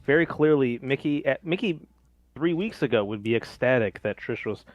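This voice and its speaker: A man's voice: medium pitch, lively intonation, normal speed, dry recording, lo-fi sound. A man co-hosting a podcast talks in a dry, close sound. He analyses wryly, hedging and restarting as he goes. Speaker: podcast co-host. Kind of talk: casual chat.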